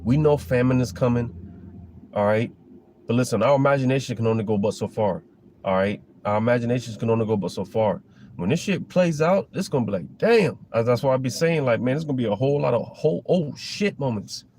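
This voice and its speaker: A man's voice: medium pitch, lively intonation, brisk, darkish tone, a little hiss or hum. A man giving a casual, rambling preaching monologue about scripture, full of fillers and restarts. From Florida. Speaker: religious commentator.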